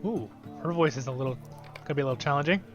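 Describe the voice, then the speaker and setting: A man's voice: fairly high pitch, very fast, lo-fi sound, over music. A man hosting a game playthrough, chatty and laughing at himself while commenting. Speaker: let's play host. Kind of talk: casual gameplay commentary.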